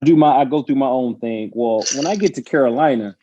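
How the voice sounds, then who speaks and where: A former pro football player telling a story in casual chat, animated and laughing as he acts out the people in it. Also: medium pitch, fast, highs cut off, slight background noise. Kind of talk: casual storytelling on a panel show.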